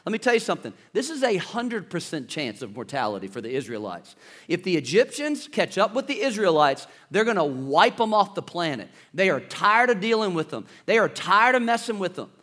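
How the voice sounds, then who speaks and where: Male pastor preaching, high voice, dramatic and animated delivery. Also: a little fast. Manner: preaching with dramatic shifts, acting out panicked voices. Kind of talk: sermon.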